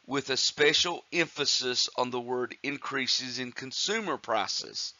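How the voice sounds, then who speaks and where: A man's voice: medium pitch, unhurried, hardly any pauses, pushed and bright, dry recording, lo-fi sound. A man teaching economics in a recorded lecture, explaining step by step with frequent fillers and restarts. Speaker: economics instructor.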